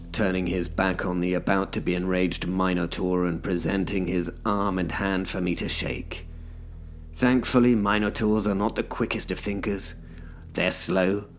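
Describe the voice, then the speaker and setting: A man narrating a first-person story in a dry, wry storytelling manner. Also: low-pitched.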